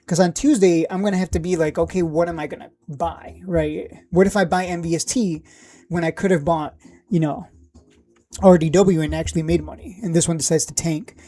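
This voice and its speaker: A woman hosting a casual stock live stream, thinking aloud with lots of fillers and blunt asides, a little hoarse from losing her voice. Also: lowish voice, fairly even intonation, fairly quick, mellow. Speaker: stock livestream host.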